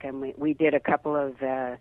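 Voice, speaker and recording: A woman's voice: very deep voice, level tone, fairly quick, no room sound. An older woman, an actress, chatting in an interview over the phone and laughing often. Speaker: actress guest. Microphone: telephone. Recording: tinny dry phone line.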